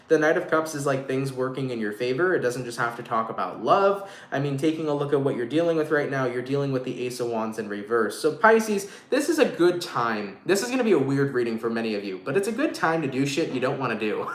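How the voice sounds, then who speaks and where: A man giving a casual live tarot reading to viewers, talking in slang and swearing freely. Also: on the high side. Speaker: tarot reader. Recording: echoey room, faint noise.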